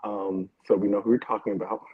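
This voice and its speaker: A man joins a casual panel discussion as a guest over a video call from home, hesitant and full of fillers and restarts, laughing between points. His lowish voice is flat, fast, and breathy, and the dry recording sounds narrow and tinny.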